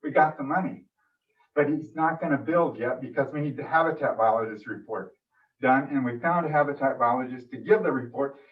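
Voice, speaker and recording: A man's voice: medium pitch, fairly quick. A man giving an emotional, frustrated public comment at a city meeting. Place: council meeting room. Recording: distant dull room mic.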